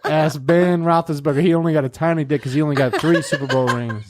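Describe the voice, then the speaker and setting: A man doing a foul-mouthed, ranting female football fan with a heavy Boston accent, pitched fairly high. There is faint noise behind the voice. The character comes across as a brash co-host in an improvised comedy podcast. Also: steady tone, quick pace, lightly acted. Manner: profane, ranting.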